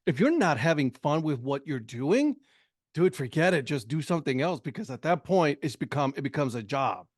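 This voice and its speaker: A laid-back male podcast host who uses plenty of slang and reacts with enthusiasm. His voice sits a little high and sounds close and dry, with no room echo. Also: big pitch swings, moderate pace. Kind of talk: casual podcast interview.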